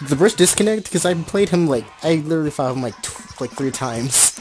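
Gaming host, male, excitable rambling banter, game music loud underneath. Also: a little high. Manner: joking, excitable, quick rambling asides. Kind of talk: casual gameplay chat.

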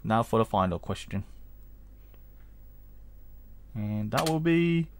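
A man's voice: on the low side, animated, normal speed, a little mellow, a little hiss or hum. A man giving casual let's-play commentary, reading game text aloud, rambling, humming and chuckling as he goes. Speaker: gaming channel host.

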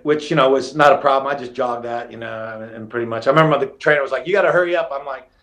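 A middle-aged man, telling fight stories as a podcast guest in an animated, casual way, acting out quotes and swearing freely. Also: medium pitch, rapid-fire. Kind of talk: casual storytelling interview.

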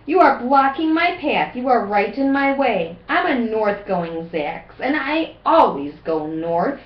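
A woman voicing a proud, stubborn north-going male Zax creature, talking in a slow, puffed-up manner. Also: sing-song. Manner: slow, low, puffed-up insistence. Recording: roomy, dull home recording.

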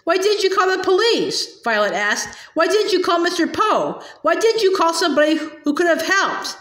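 A woman's voice: high-pitched, animated, normal speed, fairly bright tone. Woman reading an urgent, clever young girl. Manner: pleading, impatient. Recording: roomy echo.

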